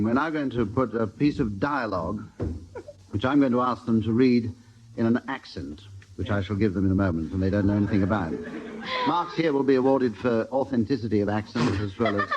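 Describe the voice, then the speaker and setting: A man's voice: mid-range voice, moderate pace. A man chairing a radio comedy panel game, dry and mock-formal, speaking in a studio before an audience on a 1970s recording. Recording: dull lo-fi 1970s radio recording with loud hiss.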